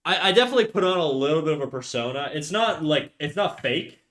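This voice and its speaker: A man's voice: fairly high pitch, lively intonation, fast, fairly bright tone. A young man streaming live, chatting casually in an upbeat, talkative way, restarting and stumbling over his words.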